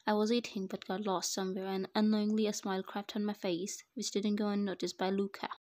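A woman's voice: medium pitch, level tone, fairly quick, darkish tone. A woman narrating her own fan fiction story in the first person, in a conversational voice-over. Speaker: narrator and author.

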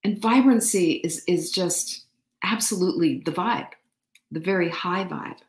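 A woman's voice: lowish voice, unhurried, roomy sound, slight background noise. A woman hosting a motivational live show who laughs often and asks her audience question after question. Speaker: host.

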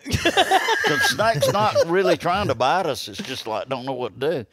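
A man's voice: mid-range voice, normal speed, no room sound. Middle-aged Southern man, Alabama accent, easygoing storyteller, dry close mic. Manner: lively yarn-spinner who acts out quoted lines. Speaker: podcast guest. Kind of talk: casual storytelling.

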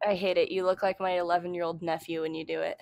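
A woman's voice: on the low side, little pitch movement, fast, vocal fry, a little mellow, no room sound. A woman co-hosting a casual podcast, answering with short, dry, teasing replies. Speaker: podcast co-host. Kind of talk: casual chat.

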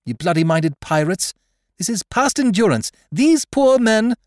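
A man's voice: high voice, very animated, measured pace, mellow, no echo, clean studio sound, voice pushed up. A man voicing a spirited young woman who is defiant and fierce, with stormy outbursts.

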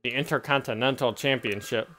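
A man's voice: medium pitch, a little fast, sharp tone. A man co-hosting a gaming video, talking in casual, joking, crude banter over gameplay. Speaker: gaming channel co-host. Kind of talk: casual let's-play banter.

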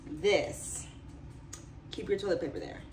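A young woman talking casually to camera in her home as a vlogger, chatty and animated. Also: on the low side, a little slow, far from the mic, background noise. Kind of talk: casual vlog chat to camera.

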